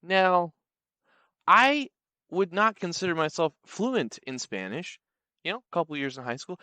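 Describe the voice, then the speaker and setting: A man telling a comedic personal story in an animated, sarcastic, playful way. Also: sits high, no room sound.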